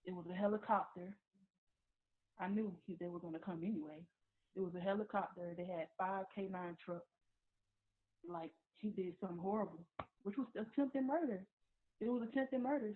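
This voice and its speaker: A young woman giving a personal testimony, talking haltingly with many fillers and repeated words. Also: medium pitch. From southeastern US. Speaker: testimony giver. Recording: tinny phone-like audio.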